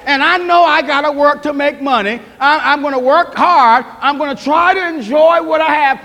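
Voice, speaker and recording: Male preacher, very high voice, fervent and repetitive, calls out to the congregation, long church reverb. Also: moderate pace. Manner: fervent, repeats himself, builds to shouts; talks straight to the congregation with questions. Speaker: pastor. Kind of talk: sermon. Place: church sanctuary.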